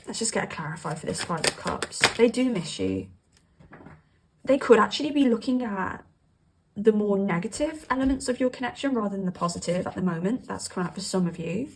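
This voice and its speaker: A woman doing a casual, chatty tarot reading, emphatic and quick to laugh. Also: medium pitch, creaky, slightly rough. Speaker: tarot reader.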